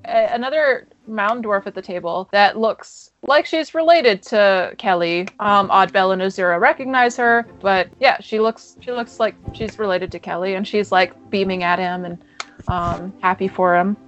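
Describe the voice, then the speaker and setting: A woman's voice: mid-range voice, moderate pace, a bit bright, dull audio. A woman game master chattily narrating a tabletop game over voice chat, with lots of fillers. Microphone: voice chat mic.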